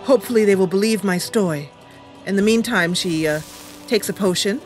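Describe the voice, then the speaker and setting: A woman's voice: medium pitch, brisk, soft background music. A woman host narrating a video game roleplay, mixing story narration with casual asides. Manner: lively narration with asides and laughter.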